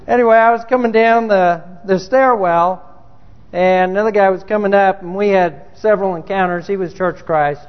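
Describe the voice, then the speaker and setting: A man preaching a sermon in a loose, conversational way, with restarts and rhetorical questions, in a church sanctuary. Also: sits high. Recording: dull lo-fi recording with long hall reverb.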